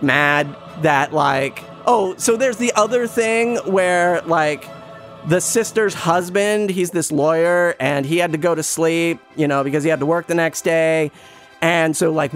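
A man tells a rambling, self-deprecating personal story in a casual spoken anecdote, restarting often and swearing now and then. His voice is a little high with a fairly bright tone.

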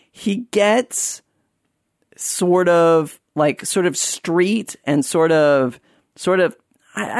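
A man's voice: on the high side, no echo, clean studio sound. A man hosting a casual solo monologue, rambling and sarcastic, often breaking off and restarting his sentences. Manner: rambling, sarcastic, self-interrupting. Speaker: podcast host.

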